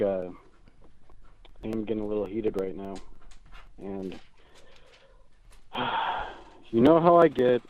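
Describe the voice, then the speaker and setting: A man's voice: medium pitch, darkish tone, lightly acted, low-quality recording. A man playing a hotheaded young caller who rants at his stepdad in frantic, whiny bursts on a call-in comedy bit. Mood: sheepish. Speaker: prank caller.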